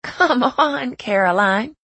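A woman's voice: fairly high pitch, expressive, slow, fairly bright tone, slightly rough, no echo, pitched above the performer's own voice, full character voice. A woman voicing a blunt, teasing young woman with a slight Southern accent.

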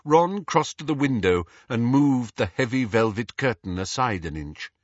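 Husky man narrating a story. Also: mid-range voice, dry recording. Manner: expressive, measured storytelling. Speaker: audiobook narrator. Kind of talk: scripted narration. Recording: dull lo-fi audio.

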